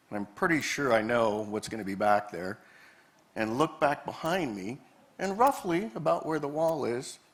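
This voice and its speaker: A man giving a live presentation, telling stories from his years as a park ranger and acting out the dialogue. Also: medium pitch. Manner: animated storyteller, acts out quoted dialogue. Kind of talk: storytelling presentation to a live audience. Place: presentation room with a projector screen.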